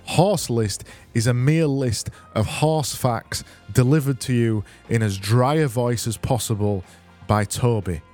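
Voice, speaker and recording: A man's voice: medium pitch, unhurried, a little mellow, soft background music. A man hosting a comedy podcast, ranting sarcastically and swearing freely. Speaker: podcast host. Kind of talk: casual comedic podcast monologue.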